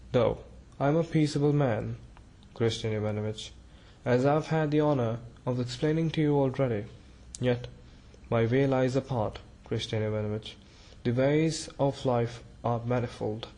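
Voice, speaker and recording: A man's voice: medium pitch, normal speed, dark tone, lightly acted. A man reading a storybook, voicing a timid, awkward male civil servant who stammers and hesitates. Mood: halting, earnest.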